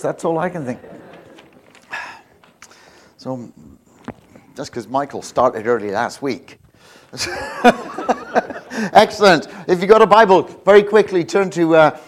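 A man giving an informal, jokey sermon, rambling with many restarts. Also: a little high. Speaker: visiting preacher.

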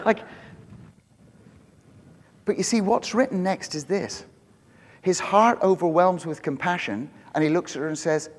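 Middle-aged male pastor, a bit high-pitched, chatty and self-deprecating in the pulpit; the church hall rings behind him. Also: unhurried, pauses often. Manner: conversational and joking, self-mocking. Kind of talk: sermon.

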